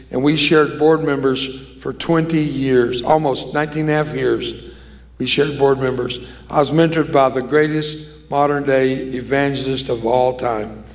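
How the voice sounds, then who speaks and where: An older man preaching a sermon as an evangelist, emphatic and drawing the congregation into call-and-response. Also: on the high side.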